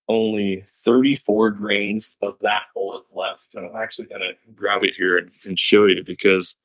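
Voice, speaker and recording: Low-voiced man on a dull, dry line. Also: dry recording. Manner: earnest, explains step by step with many restarts. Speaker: podcast guest, hunter. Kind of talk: casual storytelling interview.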